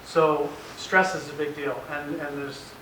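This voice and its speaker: A man's voice: a little high, little pitch movement, a little slow, a bit bright. A middle-aged man giving an informal, anecdotal presentation to parents, acting out family conversations and chuckling often. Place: meeting room with an audience. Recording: roomy echoey room, faint hiss, mic far off.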